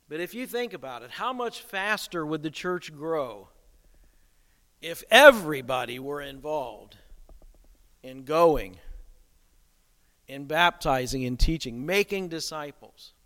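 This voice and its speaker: A man's voice: sits high, pushed and bright. Emphatic male preacher in a hall. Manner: emphatic, rhetorical questions. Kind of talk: sermon. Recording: long reverb of a hall.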